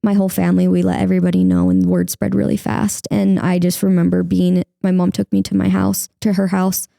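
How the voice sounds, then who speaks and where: Young woman guest, creaky mellow voice, candid and chatty, close dry podcast mic. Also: on the low side, completely flat delivery, a little fast, dry recording. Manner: candid, heavy use of "like", acts out her own past words. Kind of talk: emotional personal interview.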